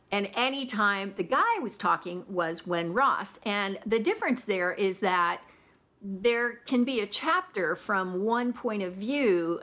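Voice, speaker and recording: A woman's voice: medium pitch, fairly bright tone. Chatty woman reviewing audiobooks. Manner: chatty, with many fillers like "you know". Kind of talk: casual vlog chat.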